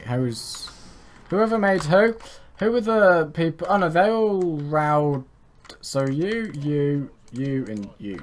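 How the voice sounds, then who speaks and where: A man talks his way through a strategy game, chatty and self-mocking as he orders his units around. His voice swings up and down a lot. A faint hiss and some keyboard clicks sit under his voice from the desk mic. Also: mid-range voice. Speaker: gaming YouTuber. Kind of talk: casual let's play commentary.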